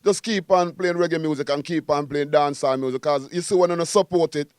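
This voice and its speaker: A quick, boastful Jamaican man talking in an interview, with a fairly high, smooth voice. He sounds animated and keeps coming back to the same phrases. The sound is dry and close to the microphone. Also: no room sound. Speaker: guest musician. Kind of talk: casual interview.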